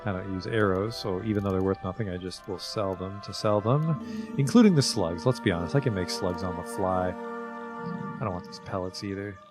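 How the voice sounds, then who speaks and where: Male game streamer, low voice, loose and chatty, reads in-game text aloud over faint background music. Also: moderate pace. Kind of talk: casual livestream commentary.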